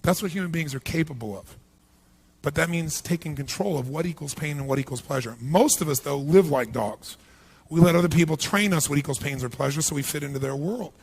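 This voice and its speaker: A man giving a live motivational seminar, energetic and punchy, constantly quizzing the audience with questions. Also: fairly high pitch, fairly quick, creaky, breathy edge. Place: large seminar hall with thousands present.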